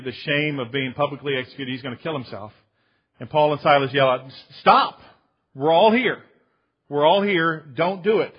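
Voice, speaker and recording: A male pastor preaching a sermon to his congregation, calling them friends and slowing down to stress key phrases with emphatic conviction. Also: medium pitch, breathy edge, muffled recording. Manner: addresses listeners as friends, with some restarts.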